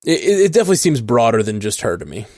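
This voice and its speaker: A man's voice: mid-range voice, big pitch swings, a little mellow, dry recording. Male co-host, casual chat, hesitant delivery full of "like" and "uh", dry close sound. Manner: halting, full of fillers and restarts. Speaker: podcast co-host.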